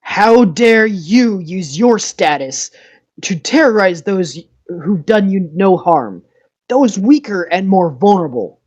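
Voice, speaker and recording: A cool, sarcastic young knight, as a woman narrator puts him on speaks in a low, husky voice full of mockery. His tone swings between sneers and stern rebukes. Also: big pitch swings, moderate pace, darkish tone, exaggerated voice. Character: calm, sarcastic young male knight, elder brother.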